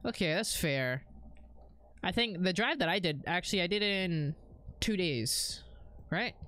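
A woman's voice: lowish voice, animated, unhurried, fairly bright tone. A young woman live-streaming a driving game, chatting casually, swearing freely and answering chat messages.

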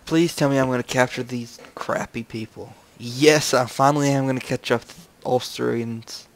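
An easygoing young man with a mid-range voice chats casually while gaming. He jokes in a playful, deadpan way. His tone stays relaxed and ordinary. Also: medium pitch, normal speed, slight background noise. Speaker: co-player.

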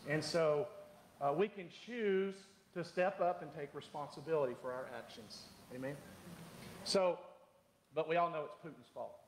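A middle-aged man preaching a sermon as pastor, animated and humorous, acting out the voices he quotes. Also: fairly high pitch, moderate pace, slight background noise. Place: church sanctuary. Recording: echoey hall.

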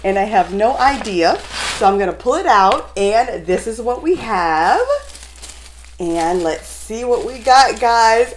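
A woman beauty vlogger talking straight to her viewers in a casual unboxing vlog, gushing and excitable. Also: on the high side, slow pace, a little hiss or hum.

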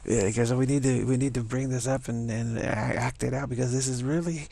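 A man's voice: mid-range voice, steady tone, a little fast, vocal fry, warm tone. A man giving an informal spiritual talk, rambling and laughing as he acts out imagined voices. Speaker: spiritual teacher.

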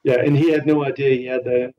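An earnest, emphatic man coaching listeners through a podcast interview. His voice is mellow and somewhat dark. He sounds distant from the mic on a dull, muffled line with faint background noise. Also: medium pitch, level tone, quick pace. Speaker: relationship coach.

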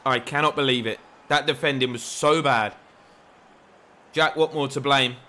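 A young man giving excitable, jokey commentary over his own football video game as a gaming YouTuber. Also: medium pitch, moderate pace. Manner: excitable, mock match commentary with jokey asides.

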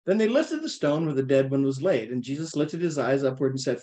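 A man teaching an informal Bible study, talking with his listeners in a lively, playful way and often checking in with them. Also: medium pitch, a little fast, hardly any pauses. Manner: conversational, checks in with frequent "okay?".

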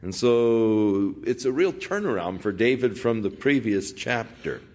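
A man's voice: fairly low pitch, animated, measured pace, a little mellow. A man preaching an expository sermon in a conversational, folksy way. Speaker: pastor.

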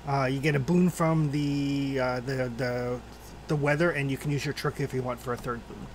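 A man's voice: medium pitch, steady tone, moderate pace, a little hiss or hum. A man narrating and ruling as game master in a tabletop game, talking with many fillers and restarts.

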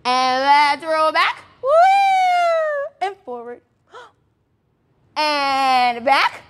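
Young woman, toddler music teacher, high sing-song voice, bubbly, slow and clear. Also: background noise. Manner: bubbly and encouraging, with gasps and playful sounds. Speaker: children's music class teacher.

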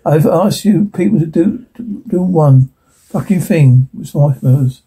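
Man, husky and gravelly, dark tone, reads every part and stage direction flatly. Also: fairly high pitch, measured pace. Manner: flat, stumbling read-aloud with stage directions. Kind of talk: one voice reading all parts of a show transcript.

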